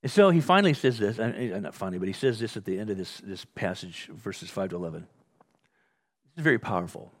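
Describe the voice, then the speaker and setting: A man's voice: lowish voice, animated, a little fast. A male pastor preaching a sermon in a conversational way, often restarting phrases and acting out little asides.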